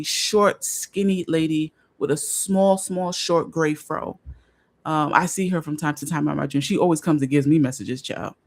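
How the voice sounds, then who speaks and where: Woman vlog host, casual storyteller, chatty and earnest, many restarts. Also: sits low. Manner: rambling, restarts, chatty asides to viewers; earnest, openly emotional.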